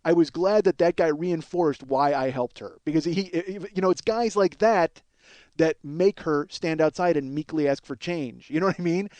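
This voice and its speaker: A man who hosts a podcast, telling a comic story in a profane, excitable way full of stammered restarts. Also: fairly high pitch, moderate pace, no room sound. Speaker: podcast host and comedian.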